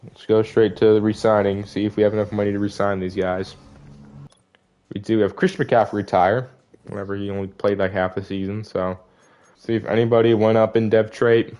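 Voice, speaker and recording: A man's voice: on the low side, flat delivery, fairly quick, a little mellow. Frustrated young man recapping a game season. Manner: frustrated, disappointed, rambling stat recaps. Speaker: gaming video creator. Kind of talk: casual gameplay commentary.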